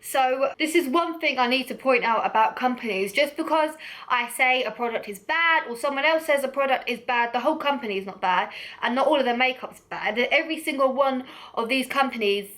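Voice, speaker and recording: A woman's voice: high-pitched, brisk, a bit bright. A young woman giving a casual, blunt beauty product review, chatty and laughing often. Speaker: beauty vlogger.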